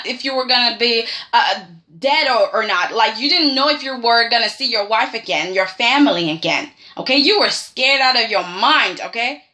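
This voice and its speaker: Woman, sassy soap reviewer, casual chat, fairly high voice, bright and forceful. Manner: sassy and emphatic, often tags lines with "okay?".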